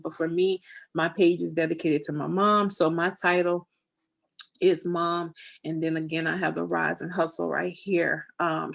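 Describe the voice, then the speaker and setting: Soft, gravelly-voiced woman teaching scrapbooking. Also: lowish voice. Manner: tearful, soft-spoken, talks while working; down-to-earth, folksy. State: close to tears. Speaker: scrapbooking instructor. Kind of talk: online craft class.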